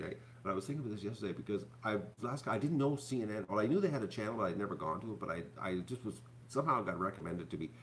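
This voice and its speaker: A man with a lowish, voice chats to his viewers in a loose, rambling way, stumbling over restarts and filling gaps with ums. A faint hum sits under the recording. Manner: rambling, many fillers and restarts, chatty asides to viewers. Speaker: YouTube channel host. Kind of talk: casual rambling chat to viewers.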